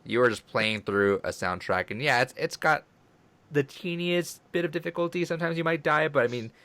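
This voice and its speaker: A man's voice: fairly high pitch, expressive, fairly quick, sharp tone, no echo. A man co-hosting a casual chat, talking enthusiastically, rambling and swearing freely. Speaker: co-host.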